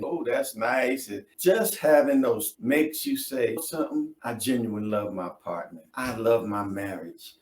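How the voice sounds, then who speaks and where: A man's voice: fairly low pitch, reverberant. A man presenting a couples workshop as a relationship coach, upbeat and encouraging.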